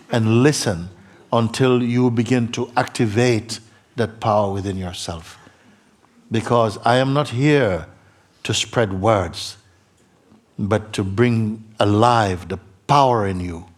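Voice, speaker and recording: A man, a spiritual teacher, speaking earnestly to a seeker, moving between soft murmurs and emphatic, laughing passages. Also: on the low side. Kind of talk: satsang talk to a seeker. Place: meeting hall.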